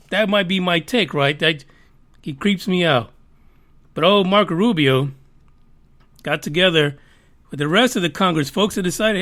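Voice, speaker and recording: A man's voice: sits high, fairly bright tone. A man hosting a live podcast stream, chatting casually in a rambling, profane, joking way after a few drinks. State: tipsy from drinking. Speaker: podcast host.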